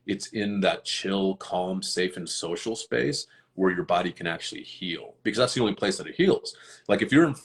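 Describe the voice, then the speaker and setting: A man's voice: deep voice, lively intonation, normal speed, creaky. A man chatting casually on a live stream, earnest and rambling, with many fillers and restarts. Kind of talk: casual chat.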